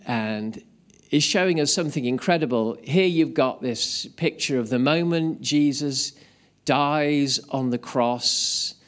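Male pastor, mid pitch, casual sermon with scripture reading. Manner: casual preaching, reads scripture aloud. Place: church.

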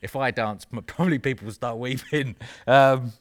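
A man's voice: medium pitch, moderate pace. A man preaching a sermon in an earnest, conversational way, with self-mocking asides.

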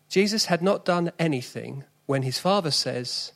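A man's voice: a little high, animated, normal speed, gravelly, few pauses, a bit bright. Earnest South East London preacher man. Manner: earnest and conversational, with sudden emphatic rises. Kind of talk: sermon.

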